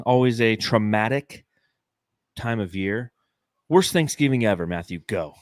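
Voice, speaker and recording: A man's voice: lowish voice, lively intonation, moderate pace, no echo. A man in his forties from Phoenix, co-hosting a casual sports podcast and telling rambling, profane stories full of fillers. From Phoenix, Arizona, US. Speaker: podcast co-host.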